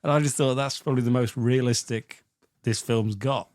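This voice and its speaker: A man's voice: medium pitch, fairly even intonation, moderate pace, a little mellow, dry recording. A man co-hosting a comedy film podcast, laughing often and acting out scenes in silly voices. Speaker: podcast co-host. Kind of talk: casual comedic film chat.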